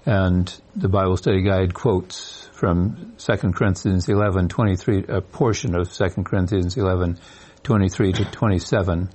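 A man in a Bible study group reading passages from a study guide and scripture in a steady voice. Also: low-pitched, normal speed, breathy edge.

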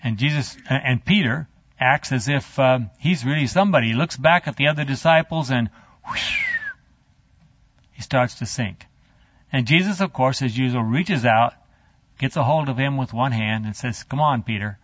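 A man teaching a Bible study, retelling a story in an animated, halting, chatty way with a handout. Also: mid-range voice, no room sound. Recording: dull lo-fi dry.

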